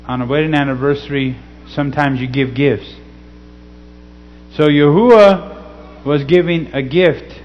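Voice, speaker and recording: A man reading scripture slowly and teaching in a casual way, often checking in with "okay?". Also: a little high. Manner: slow, deliberate scripture reading. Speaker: pastor. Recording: slightly dull recording with faint hum.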